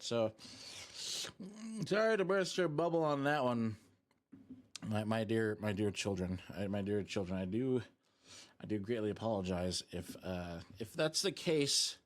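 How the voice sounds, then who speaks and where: A man's voice: on the low side, unhurried. A young man streaming live, chatting and rambling jokingly with his viewers while sucking a lollipop. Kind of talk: casual live-stream chat.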